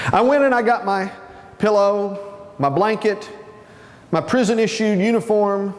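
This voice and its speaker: A man tells a comic story to a conference audience and acts out the people in it. His high voice swoops up and down with energy. It rings through a large hall with a long reverb. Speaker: conference speaker. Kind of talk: humorous storytelling talk.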